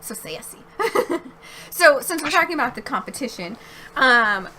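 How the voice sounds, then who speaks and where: A young woman hosting a casual podcast chat, bubbly and quick to laugh. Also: high voice, big pitch swings, sharp tone, slight background noise. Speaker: podcast host. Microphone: streaming mic.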